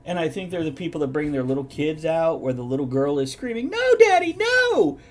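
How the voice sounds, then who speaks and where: A man's voice: on the high side, quick pace, mellow, slight background noise. A man hosting a live-streamed chat show, telling stories with dry sarcasm. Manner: sarcastic, mock-documentary storytelling. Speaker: host.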